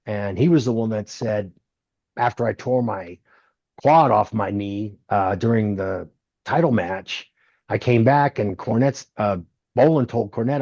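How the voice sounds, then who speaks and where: This lowish, unhurried male voice belongs to a sixty-something ex-wrestler recounting stories in an interview and animatedly voicing other people's dialogue. The lo-fi recording sounds dull and dry, with no echo.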